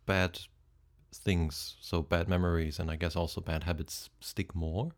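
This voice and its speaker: A man with a very low voice leads an interview. He asks short questions and sums up the guest's points before moving on. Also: little pitch movement, measured pace. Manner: brief, summarizing questions.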